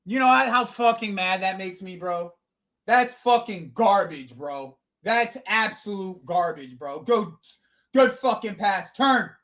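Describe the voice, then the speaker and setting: A man with a high voice runs a live football watch-along from a home desk mic. He swears freely, addresses his viewers as boys and bro, and reacts loudly to every play. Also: lively intonation, measured pace. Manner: swears a lot, shouts at the referee, calls viewers boys and bro.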